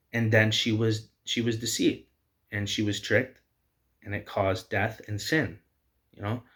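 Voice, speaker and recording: A man's voice: on the low side, fairly bright tone. A man hosting a video, delivering heated, repetitive personal commentary. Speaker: video host.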